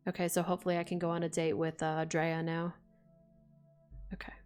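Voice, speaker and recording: Young woman streamer reading a game out loud, chatty and sweary, kinda low voice, faint music underneath. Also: a little fast, pauses often, clear, resonant tone. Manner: chatty, expressive, swears casually. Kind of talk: live-streamed game playthrough, reading aloud.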